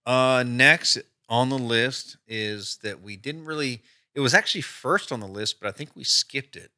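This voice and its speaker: A man's voice: medium pitch, moderate pace, pushed and bright, no room sound. A man co-hosting a podcast, telling stories in a loose casual chat full of fillers and trailing asides. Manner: rambling, filler-heavy storytelling. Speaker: podcast co-host.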